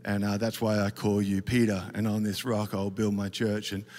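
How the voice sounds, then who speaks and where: A man's voice: fairly low pitch, flat delivery, moderate pace, darkish tone. A man giving a casual, rambling talk at a church conference, full of fillers and self-deprecating asides. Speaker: worship leader speaking at a conference. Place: large auditorium stage. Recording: reverberant hall, faint ambience.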